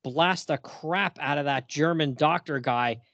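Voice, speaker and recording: A man's voice: a little high, a little slow, vocal fry, dry recording, muffled recording. A man co-hosting a comics podcast, talking casually. His voice sits close and dry, with no room sound. He moves from panel to panel and laughs easily. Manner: relaxed, chuckling, walks through pages panel by panel. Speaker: comic book podcast co-host. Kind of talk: casual chat.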